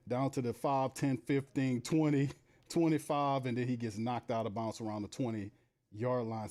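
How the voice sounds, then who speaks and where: A man hosting a live football watch party, calling plays, reading chat messages and laughing in disbelief. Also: mid-range voice. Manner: animated, laughing, reads chat aloud, play-by-play. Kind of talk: casual live game commentary.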